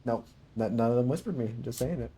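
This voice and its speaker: A man's voice: mid-range voice, fast, dark tone, husky. A man streaming a game, chatting casually and laid-back, often chuckling and trailing into fillers. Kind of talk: casual livestream chat while gaming.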